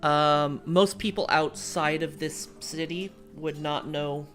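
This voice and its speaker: Woman, General American accent, casual stream chat, thoughtful, digressive, quiet music in the background. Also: deep voice, fairly even intonation, slow. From United States. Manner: thoughtful and digressive, thinking aloud. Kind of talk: casual chat while streaming a strategy game.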